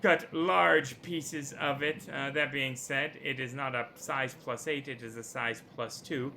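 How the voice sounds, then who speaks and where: Game master, male, very bright tense voice, animated and jokey, faint noise behind. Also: mid-range voice, unhurried. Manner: animated, jokey, rules-minded. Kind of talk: narrating a tabletop game. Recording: live stream with faint background noise.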